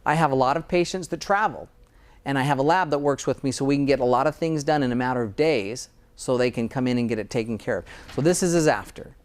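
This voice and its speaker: A man's voice: mid-range voice, fast talker. A dentist in conversation, speaking earnestly and often repeating words as he starts a thought. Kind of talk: conversational interview.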